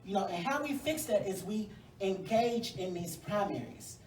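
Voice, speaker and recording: A woman's voice: mid-range voice, animated, moderate pace, darkish tone, distant mic, a little hiss or hum. Fired-up woman speaking in an echoey room. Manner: sassy, fired-up, folksy. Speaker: congressional primary candidate. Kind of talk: campaign stump speech. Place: venue hall at a forum. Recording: echoey room, mic from afar.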